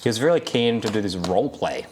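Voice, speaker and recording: A man's voice: on the low side, lively intonation, fast talker, darkish tone, slight background noise. A man co-hosting a podcast in casual banter who laughs often. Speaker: podcast co-host. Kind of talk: casual chat.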